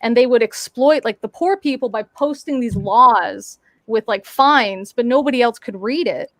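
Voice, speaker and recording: A woman's voice: fairly high pitch, normal speed, fairly bright tone, no room sound, studio quality. A woman in casual chat on a live stream, telling a story with lots of fillers and playful voice mimicry. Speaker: guest on a live talk stream.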